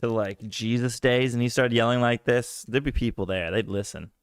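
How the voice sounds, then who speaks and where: A man's voice: medium pitch, steady tone, normal speed, clear, resonant tone, dry recording, studio quality. A man streaming live, reacting to a video with incredulous, mocking, profane commentary.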